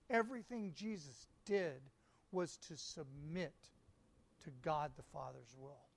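A man preaching a sermon, reading scripture aloud and speaking with deliberate, emphatic pauses. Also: fairly high pitch, gravelly.

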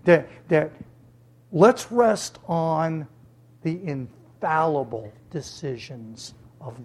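Preacher, sermon, slow and deliberate, husky, emphatic repetition. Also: mid-range voice, darkish tone. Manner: emphatic, repeats key words for stress.

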